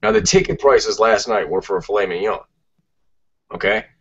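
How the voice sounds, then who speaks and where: A man's voice: lowish voice, very animated, normal speed, vocal fry, breathy edge. A man, co-hosting a casual podcast, ranting emphatically and swearing a lot. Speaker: podcast co-host. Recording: muffled lo-fi podcast audio.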